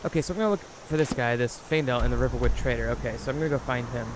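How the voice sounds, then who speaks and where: A man's voice: medium pitch, rapid-fire, noisy background. A man giving casual, rambling commentary on a video game he is playing, with lots of fillers. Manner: chatty, rambling, with frequent fillers. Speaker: let's player. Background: game music.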